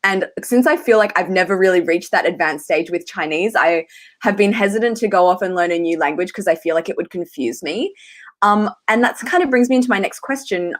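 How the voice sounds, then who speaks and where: A woman hosting a casual livestream interview, asking questions in a friendly, hesitant way with many fillers. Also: on the low side. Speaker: livestream host.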